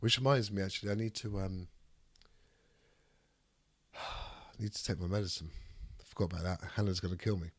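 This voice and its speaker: A man with a raspy voice from a cold, chatting casually on a live stream and reading chat aloud. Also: low-pitched, fairly quick, long pauses, no room sound. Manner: reads chat aloud, rambling and swearing. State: ill with a cold, raspy throat. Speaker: streamer hosting a debate.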